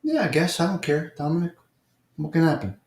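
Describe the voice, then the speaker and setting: A man's voice: on the high side, sing-song, a little fast, a little mellow. A man with a New York accent hosting a casual live morning chat stream, answering viewers by name and repeating his points with emphasis. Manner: repetitive and emphatic, addresses chatters by name. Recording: roomy echo.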